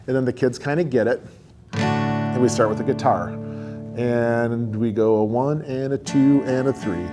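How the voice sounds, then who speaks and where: A man talks in a relaxed, friendly way about teaching children a song, filling his pauses with um and uh. His voice sits at an ordinary mid pitch. A guitar is heard faintly in the background. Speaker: educator teaching kids a song. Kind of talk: casual explanatory talk.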